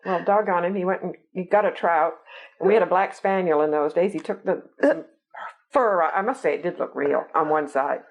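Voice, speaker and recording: An older woman with an English accent, telling stories in an oral history interview, lively and full of fillers. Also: fairly low pitch, normal speed, low-quality recording. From England. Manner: lively, teasing storyteller with many fillers.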